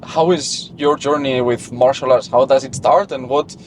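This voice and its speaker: A man hosting a podcast conversation in a car, relaxed, with plenty of agreeing murmurs. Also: mid-range voice, normal speed, a little hiss or hum. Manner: frequent "mm-hmm" and "yeah" backchannels, relaxed storytelling. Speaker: podcast host. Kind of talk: casual interview conversation.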